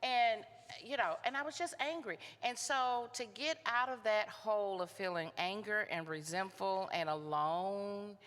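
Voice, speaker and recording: A woman with a Texan accent giving a keynote talk, telling her story in an animated way and acting out the dialogue. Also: medium pitch, a little slow. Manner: animated, acts out quoted dialogue. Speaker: keynote speaker. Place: conference hall. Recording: reverberant hall.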